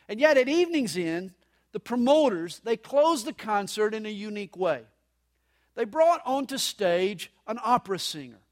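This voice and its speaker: An American pastor with a high-pitched voice preaches a sermon at a live church service. His dramatic delivery shifts between loud emphasis and soft, hushed lines.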